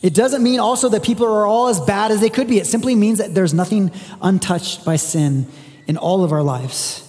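A man's voice: high-pitched, moderate pace, darkish tone, long reverb tail. A man preaching a sermon in a conversational way, reading scripture aloud with emphasis. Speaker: pastor.

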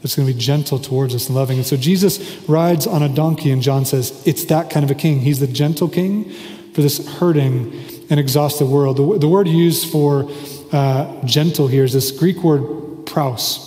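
A male pastor preaching a sermon in a large church hall, telling stories in a relaxed way with joking asides. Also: on the high side, normal speed. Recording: echoey hall reverb.

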